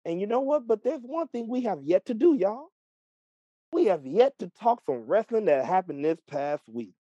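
A man's voice: high-pitched, sing-song, moderate pace, dark tone, breathy edge, no room sound, lo-fi sound. A man co-hosting a wrestling podcast, hyped and playful, fond of puns. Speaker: podcast co-host. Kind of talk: excited wrestling podcast chat.

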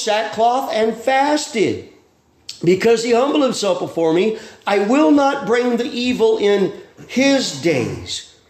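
A pastor preaches in a high voice, folksy and plainspoken, with slang and quick asides. The sound rings in an echoey church room. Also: male voice. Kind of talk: sermon.

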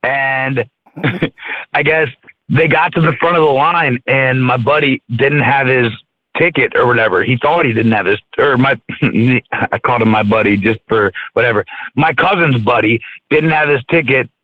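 A man's voice: medium pitch, moderate pace, dry recording. A man from Maryland telling a story in casual chat, rambling and profane, with lots of fillers and restarts. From Maryland, USA. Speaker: podcast co-host. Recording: tinny phone-like, dry sound.

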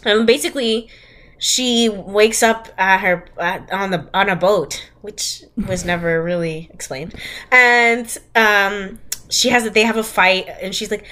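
Bright, sarcastic young woman recapping a movie. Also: mid-range voice, measured pace. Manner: sarcastic, laughs often, acts out characters' lines. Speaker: podcast co-host. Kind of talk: casual comedic movie recap.

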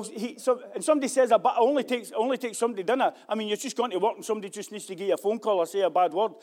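A man preaching a sermon as pastor, moving between loud fervent stretches and quiet reflective ones, repeating key phrases. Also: high-pitched. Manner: acts out quoted voices and repeats key phrases.

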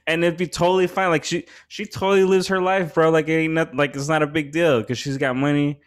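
A man's voice: on the high side, little pitch movement, a little fast, clean tone. A man hosting a podcast, telling a story in a rambling casual chat full of slang and swearing, his voice rising when he gets worked up. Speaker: podcast host.

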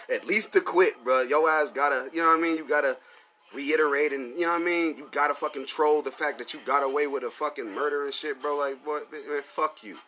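A man hosts a casual solo podcast, ranting heatedly in a fairly quick, high-leaning voice with a bright, forceful tone. His talk is packed with profanity, filler words and short bursts of laughter.

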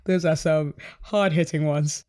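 A host works through a stack of posts, reading each one at a steady, measured pace. Between quotes come short reactive asides. The voice sits at a middle pitch. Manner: reacts to quotes with brief exclamations. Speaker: host recapping a social media chat.

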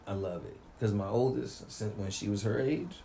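A man's voice: lowish voice, animated, normal speed, vocal fry, dark tone, a little hiss or hum. A man, a father, talking in casual chat and explaining his views with conviction. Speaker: podcast co-host, father.

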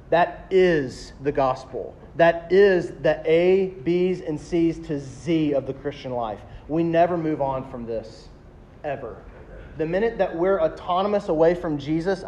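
A man, preaching a sermon as a pastor, emphatic and animated, slowing down to stress key words. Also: on the high side, a little hiss or hum. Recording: dull lo-fi sound with faint ambience.

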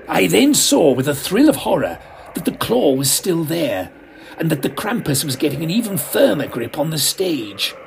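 A man's voice: a little high, vocal fry, slight background noise. A man narrating a comic mystery in a theatrical, camp manner. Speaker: storyteller.

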